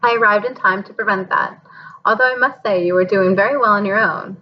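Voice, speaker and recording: A woman's voice: mid-range voice, fairly even intonation, lo-fi sound, lightly acted. Woman reading as a kindly old headmaster. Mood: gentle. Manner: gentle, measured, wry.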